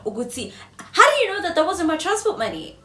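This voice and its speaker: A young South African woman in her twenties telling a storytime vlog, swinging between loud outbursts and hushed whispers. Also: very high voice, big pitch swings, fast. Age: 20s. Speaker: vlogger. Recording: roomy echo, mic at a distance, faint ambience.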